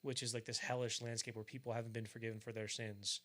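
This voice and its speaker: Rambling, bright-voiced young man. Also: mid-range voice, little pitch movement, quick pace. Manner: rambling, filler-heavy, acts out bits of scenes in mock voices. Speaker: podcast co-host. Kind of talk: casual film discussion.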